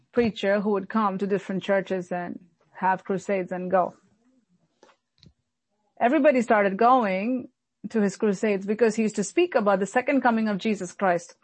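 A woman pastor delivering an earnest sermon, slowing down and repeating lines for emphasis. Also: mid-range voice, dry recording. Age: adult, recalls childhood many years ago.

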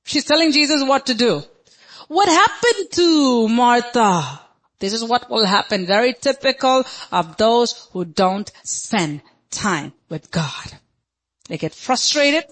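A woman's voice: on the high side, animated, slow, fairly bright tone. A woman pastor preaching a sermon in an emphatic, dramatic way, often acting out quotes.

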